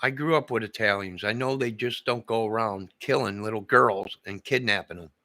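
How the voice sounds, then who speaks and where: A man's voice: on the low side, normal speed, sharp tone, dry recording. An older man, a vlogger, in an agitated, repetitive, rambling monologue.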